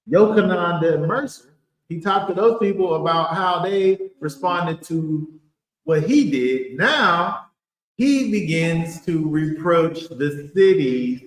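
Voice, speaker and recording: A man teaching a Bible study in an emphatic, animated way, full of rhetorical questions. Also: high-pitched, roomy sound, rough recording.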